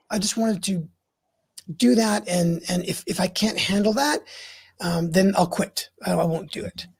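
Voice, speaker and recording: A man's voice: sits high, vocal fry, slightly rough. A middle-aged man as an interview guest, telling his story in a frank, earnest way. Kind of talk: candid interview talk.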